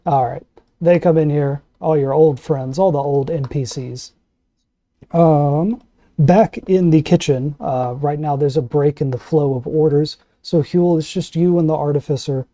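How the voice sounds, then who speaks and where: GM for tabletop session, male, very mellow dark tone, dry close sound. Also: a little high, a little slow, dry recording. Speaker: game master. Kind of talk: narrating a tabletop game.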